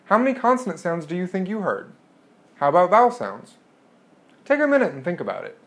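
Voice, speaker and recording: A man's voice: sits high, big pitch swings, a bit bright. Man lecturing, modeling each vowel sound. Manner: clear and explanatory, modeling vowel sounds slowly. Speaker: linguistics lecturer. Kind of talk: recorded lecture.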